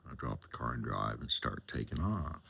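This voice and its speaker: A man telling a personal story from his years as a chauffeur, in a plain-spoken, unhurried, conversational way. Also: extremely low pitch, animated, vocal fry, sharp tone, husky.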